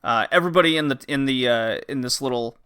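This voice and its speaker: Rambling through a casual game review, a man hosting a podcast acts out the characters' lines as he talks. He has a mid-range voice, speaks quickly, and sounds bright, forceful, and clean.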